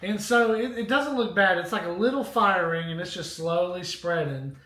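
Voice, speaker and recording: A man co-hosting a casual live stream, telling a rambling, animated story with asides to viewers. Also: high voice, normal speed. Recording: echoey room.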